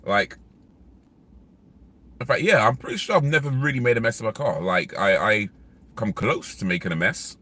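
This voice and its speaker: A man's voice: fairly low pitch, expressive, moderate pace, pauses often, pushed and bright. A man, vlogging in casual, rambling chat while eating in his car. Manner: rambling, chatty, many fillers. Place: inside a parked car.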